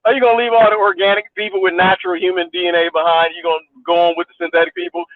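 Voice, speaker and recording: High-pitched mocking man ranting. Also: lively intonation, racing, heavy background noise. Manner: mocking, laughs often, repeats himself. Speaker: vlogger. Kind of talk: casual rant to camera. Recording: tinny phone-like dry sound.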